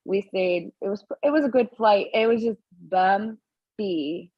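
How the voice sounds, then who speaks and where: A woman pilot and podcast cohost in casual chat, sarcastic and animated, laughing a lot. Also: mid-range voice, unhurried, breathy edge, no room sound, highs cut off.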